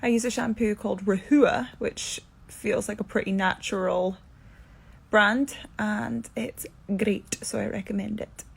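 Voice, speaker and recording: A woman's voice: steady tone, a little slow, vocal fry, slightly rough. Sleepy Scottish woman chatting. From Scotland. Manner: low-energy, sleepy, chatty. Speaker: actress answering fan questions. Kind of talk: casual Q&A chat. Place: indoor room during quarantine.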